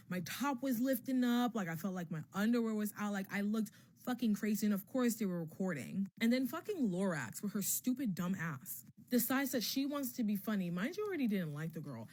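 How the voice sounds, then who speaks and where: A young woman casually telling a personal story for a vlog, candid and profane, with lots of filler words and an emotionally animated delivery. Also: mid-range voice.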